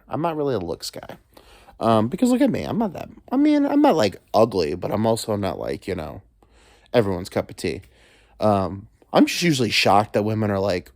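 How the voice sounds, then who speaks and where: A man's voice: medium pitch, huge pitch swings, fairly quick, darkish tone, no room sound, clean studio sound. A man hosting a solo podcast from home, rambling crudely with joking asides. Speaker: podcast host. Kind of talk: casual solo monologue. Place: alone at home.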